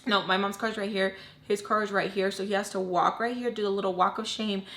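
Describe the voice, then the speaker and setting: A woman telling a personal storytime, candid and blunt, swearing freely and dropping low and quiet at emotional moments. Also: steady tone, fairly quick. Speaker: storytime vlogger. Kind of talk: casual storytelling.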